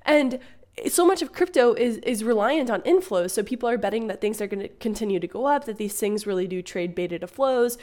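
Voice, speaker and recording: A young woman hosting a casual finance explainer, chatty with quick asides and a laugh here and there. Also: a little high, animated, darkish tone.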